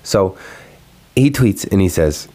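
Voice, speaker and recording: A man's voice: deep voice, slow. A young man hosting his own video, ranting casually and profanely about something that annoyed him online. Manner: profane, exasperated, animated ranting. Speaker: video host. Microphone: recorded alone at home.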